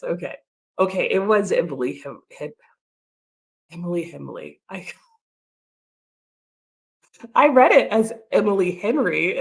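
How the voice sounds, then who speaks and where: Casting: chatty, giggly woman, livestream host, easy casual talk, mid-range voice. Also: mid-range voice. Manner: chatty, giggly, reads viewer comments aloud.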